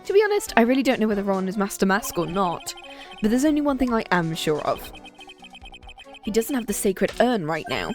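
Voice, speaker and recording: A woman's voice: mid-range voice, very animated, brisk, a little mellow, faint music behind. A woman streamer giving casual commentary on a game she plays, chatty and reading the lines aloud. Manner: chatty, laughs and does character voices.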